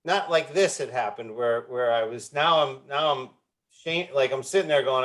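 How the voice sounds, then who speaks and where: A man's voice: mid-range voice, moderate pace, fairly bright tone. Earnest middle-aged man telling his story. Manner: earnest, frequent restarts and repeated words. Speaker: guest, founder of a recovery movement. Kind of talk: candid interview storytelling.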